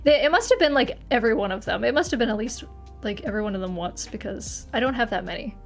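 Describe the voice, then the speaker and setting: A woman's voice: a little high, animated, fast, soft background music. A young woman streamer chatting casually to her live audience, rambling, swearing freely and laughing often.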